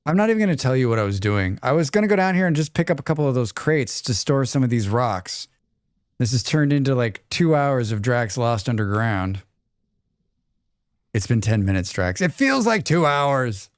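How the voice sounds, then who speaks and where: A man's voice: mid-range voice, big pitch swings, normal speed, clear, resonant tone, no room sound, clean studio sound. Man grumbling through his gameplay stream. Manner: talks to himself, joking and grumbling. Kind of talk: casual live gameplay commentary.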